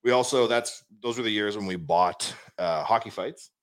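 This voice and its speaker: A man hosting a podcast, telling stories in a casual, animated way and acting out what people said. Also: lowish voice, normal speed, no room sound. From Canada. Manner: animated, acts out quotes in raised voice. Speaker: podcast host, company founder. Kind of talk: casual storytelling chat.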